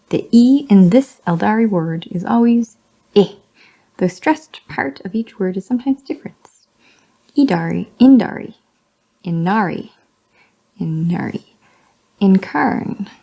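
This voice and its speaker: A woman with a husky, low-toned voice reads a magazine aloud slowly. She sounds out each word, tries it again, and corrects herself with quiet amusement. She reads as a hobby vlogger reading aloud with commentary.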